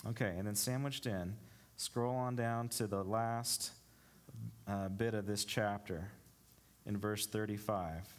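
A man's voice: fairly low pitch, steady tone, slow. A male pastor preaching a sermon, reading scripture aloud and explaining it with rhetorical questions to the congregation. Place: church.

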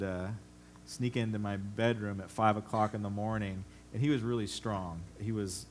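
A man's voice: lowish voice, slight background noise. A middle-aged man preaching a conversational sermon in a church hall, telling family stories and laughing often. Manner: animated storyteller, acts out voices, laughs often. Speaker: pastor.

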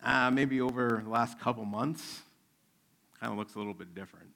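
A middle-aged man, a pastor, preaching a sermon in a relaxed, conversational way with stories from home. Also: mid-range voice, normal speed, vocal fry. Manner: conversational preaching, acts out his kids' voices.

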